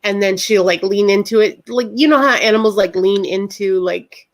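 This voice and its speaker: A woman guest in a casual chat, rambling between thoughts and getting animated when excited. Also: mid-range voice, normal speed.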